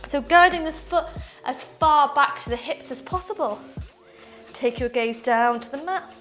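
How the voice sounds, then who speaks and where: Young female yoga instructor, high and bright, cueing poses and counting breaths over faint music. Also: measured pace. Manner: upbeat, counts breaths aloud while moving through poses. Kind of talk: guided yoga class instruction.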